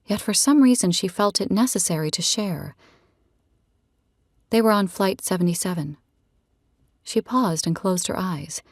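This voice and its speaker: A woman narrating a romance novel in a measured, steady storytelling voice. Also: mid-range voice, dry recording, clean studio sound. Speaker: audiobook narrator. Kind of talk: scripted narration.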